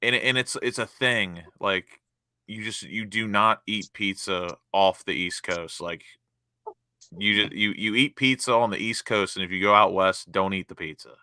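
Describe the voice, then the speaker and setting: A man with a low but bright, forceful voice, chatting casually in an easygoing way. He asks curious questions and explains at length. The sound is dry and close. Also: normal speed, smooth, dry recording. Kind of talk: casual chat.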